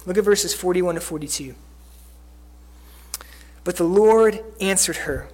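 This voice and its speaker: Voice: mid-range voice, unhurried, long pauses, darkish tone. A preacher giving a sermon in a conversational way, using many fillers and acting out quoted lines.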